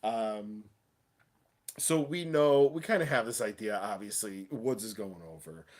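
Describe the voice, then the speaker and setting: A man hosting a casual wrestling livestream, talking excitedly in slangy chat and laughing often. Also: fairly low pitch, measured pace. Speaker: wrestling show host.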